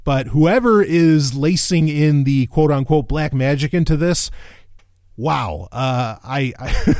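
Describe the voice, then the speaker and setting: A man hosting a casual review monologue, excitable and rambling, swearing freely, with many restarts and bursts of laughter. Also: on the high side, takes it slowly, no echo, clean studio sound.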